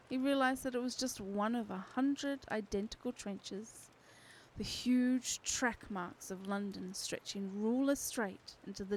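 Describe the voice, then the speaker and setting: A woman streamer reading a novel aloud to her community with steady, expressive narration. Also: a little high, a little hiss or hum, low-quality recording. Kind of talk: unhurried storybook reading.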